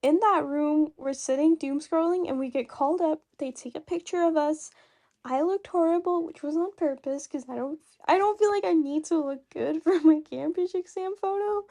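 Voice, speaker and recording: Brief: high-pitched woman, non-native English, animated self-mocking storyteller who laughs a lot. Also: normal speed. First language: not English. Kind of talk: casual storytelling narration.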